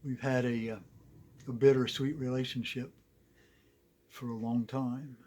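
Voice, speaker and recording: A man's voice: medium pitch, flat delivery, unhurried, darkish tone. Male host, folksy and rambling, self-deprecating humor, cell phone mic. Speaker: host of a metal detecting show. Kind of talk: casual chat.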